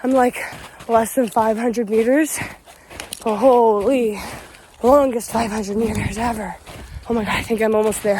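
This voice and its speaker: A woman's voice: a little high, steady tone, a little slow, pauses often, noisy background. Weary, fed-up young woman hiking. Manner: tired, frustrated, swearing, laughing it off. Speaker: solo backpacking vlogger. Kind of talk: casual vlog narration while hiking. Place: outdoors on a forest trail.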